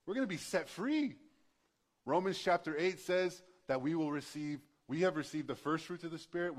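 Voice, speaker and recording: A male pastor preaching a sermon in a conversational, passionate way, building to emphatic bursts. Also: a little high.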